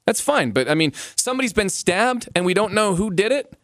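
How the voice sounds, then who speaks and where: A man co-hosting a casual podcast, talking in an animated, incredulous way with many restarts. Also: high-pitched, brisk, no echo, studio quality. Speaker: podcast co-host.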